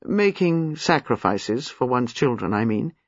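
A man reading aloud, voicing a reserved, sad middle-aged gentleman who speaks slowly and gravely. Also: mid-range voice, big pitch swings, dry recording, voice pushed down. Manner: measured, grim, slow. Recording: slightly muffled, dry.

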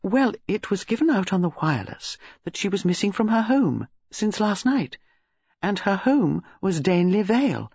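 A woman voicing a gentle, shrewd elderly spinster who talks softly and mildly in a musing way. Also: mid-range voice, sing-song, moderate pace, slightly rough, no echo, pitched above the performer's own voice. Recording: slightly dull lo-fi audio.

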